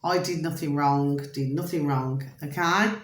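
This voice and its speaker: A woman's voice: deep voice, measured pace, reverberant. A woman vlogging to camera in a chatty, meandering monologue that keeps drifting off track. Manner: chatty, meandering, easily distracted; calls viewers "my delicious little babies".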